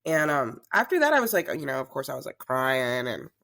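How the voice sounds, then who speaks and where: Woman, talk show host type, guest spinning a lively story in a casual chat. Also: a bass voice, brisk, creaky. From Southern United States. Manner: chatty, animated storyteller.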